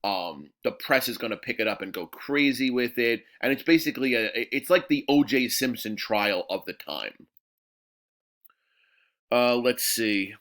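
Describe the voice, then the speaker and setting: A man's voice: mid-range voice, expressive, measured pace, a bit bright. A male history teacher giving a casual, digressive recorded lesson to his class.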